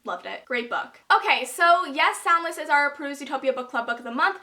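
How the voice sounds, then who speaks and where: Young woman booktuber, high bright voice, gushing and emphatic. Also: animated, fairly quick. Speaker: book reviewer and channel host. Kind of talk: casual book review vlog.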